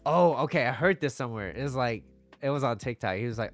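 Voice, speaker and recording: A man's voice: medium pitch, fast talker, faint music behind. A man coaching on dating over slides, casual and joking as he talks. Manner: joking and animated.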